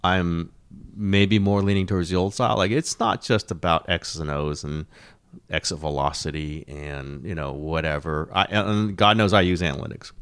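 Middle-aged male sports host, deep voice, rambling, animated, casual. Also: normal speed, clean tone. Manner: rambling, animated, swearing, frequent restarts. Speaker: sports columnist and podcast host.

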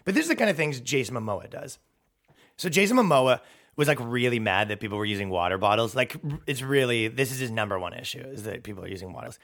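A man's voice: medium pitch, expressive, quick pace, a bit bright. A man hosting a comedy podcast, riffing in a rambling, profane, sarcastic way. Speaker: podcast host.

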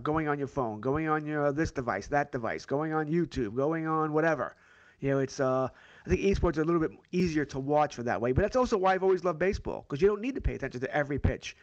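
Fast-talking middle-aged sports analyst. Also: male voice, on the high side, dry recording, muffled recording. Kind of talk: casual sports talk.

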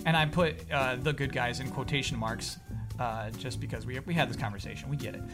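A man's voice: mid-range voice, fairly quick, music in the background. A man hosting a podcast in casual chat, upbeat and jokey, steering the talk between friends. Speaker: podcast host.

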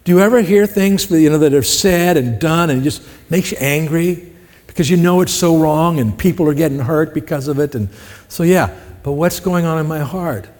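A man's voice: on the high side, a little mellow. Conversational male pastor in a reverberant hall. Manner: conversational, asks the congregation questions. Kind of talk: sermon.

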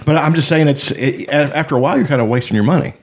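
A man's voice: fairly high pitch, racing, a little hiss or hum. A man in casual chat among friends, rambling and swearing freely. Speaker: podcast co-host.

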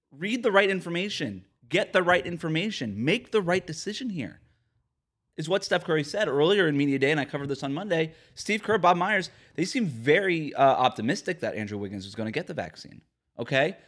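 A man's voice: fairly high pitch, animated, moderate pace, fairly bright tone. A man hosting a sports podcast, delivering an emphatic, ranting opinion monologue. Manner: emphatic, ranting, mocks quotes with put-on voices. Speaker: podcast host.

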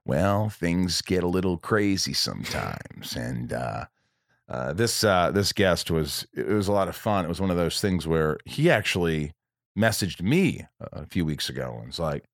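American male podcast host, very low voice, loose rambling delivery full of fillers, dry room. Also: big pitch swings, normal speed, vocal fry, dry recording. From United States. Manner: rambling, with many fillers and restarts. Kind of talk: casual podcast chat. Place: room at his home.

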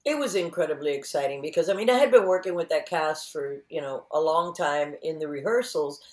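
A woman's voice: low-pitched, fairly quick, echoey room. A woman guest in an interview, chatting casually and acting out quotes as she tells stories. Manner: animated storyteller, acts out quotes.

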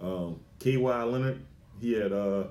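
A man co-hosting a podcast, chatting casually, swearing a lot and laughing between quick bursts of talk. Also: on the low side, warm tone. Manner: profane, laughing, rapid bursts. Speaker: podcast co-host. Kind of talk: casual chat. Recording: echoey room with faint noise.

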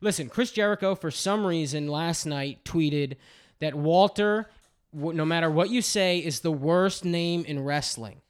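A man's voice: fairly high pitch, a little slow, clear, resonant tone. A man hosting a podcast, ranting in a casual, profane way about wrestling and telling stories. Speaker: podcast host.

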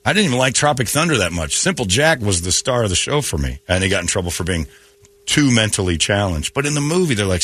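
A man hosting morning radio rants sarcastically, his voice swooping wide from low grumbles to sudden high jabs. The tone is bright and forceful with a husky edge, and his pitch sits fairly low. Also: big pitch swings. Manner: ranting, sarcastic, quick mock quotes. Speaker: radio show host. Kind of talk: opinionated morning radio banter.

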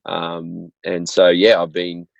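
A man's voice: sits low, completely flat delivery, slow, gravelly, dry recording, highs cut off. A man of about forty, a basketball coach speaking as a podcast guest in an easygoing, self-deprecating way. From Australia. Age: 40s. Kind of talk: casual interview chat.

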